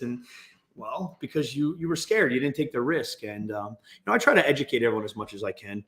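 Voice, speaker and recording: Animated man telling a story. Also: mid-range voice, brisk. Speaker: guest business owner. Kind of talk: casual storytelling interview.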